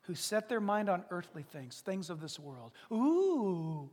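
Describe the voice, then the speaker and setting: A pastor preaching a sermon, animated and dramatic, dropping to whispers and acting out little scenes. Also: male voice, sits high, moderate pace, long reverb tail. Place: church service.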